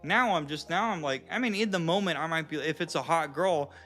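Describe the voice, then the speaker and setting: A man's voice: fairly high pitch, a little fast, pushed and bright, faint music behind. A man of thirty giving casual coaching advice to viewers, chatty and profane, calling them guys and dude. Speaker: dating and confidence coach.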